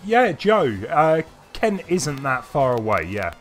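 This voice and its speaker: This streamer's voice sits on the high side and is very animated, though he takes his time. Reading chat on his live game stream, he answers viewers casually, rambling with frequent hesitations as faint game music plays.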